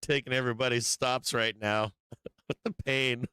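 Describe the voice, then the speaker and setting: A man's voice: mid-range voice, steady tone, normal speed, pushed and bright, smooth, no echo, clean studio sound. A man hosting a live stock market stream, commenting casually on charts, laughing often, swearing and teasing his chat. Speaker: stock market livestream host.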